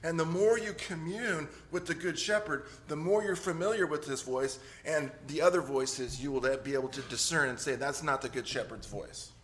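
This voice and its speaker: A man's voice: on the high side, normal speed, hardly any pauses, slight background noise. Joking, conversational male pastor. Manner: conversational, joking, asks "right?" often. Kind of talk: sermon.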